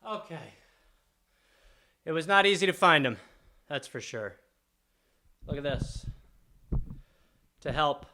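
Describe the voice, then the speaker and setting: High bright-voiced man riffing casually. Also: no room sound, studio quality. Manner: loose, profane, rambling with fillers. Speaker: comedian podcast host.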